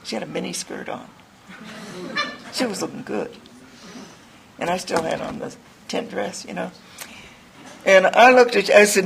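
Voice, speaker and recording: A woman's voice: on the high side, normal speed, vocal fry, slight background noise, low-quality recording. An older woman giving a candid, rambling personal testimony to a group, mocking herself as she tells it. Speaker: recovery speaker.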